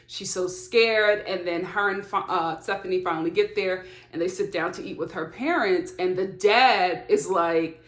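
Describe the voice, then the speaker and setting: A woman giving a casual, animated recap of a reality TV episode, laughing often and talking back to the screen. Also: fairly low pitch, normal speed, few pauses. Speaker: TV show reviewer. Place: home filming setup. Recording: echoey room.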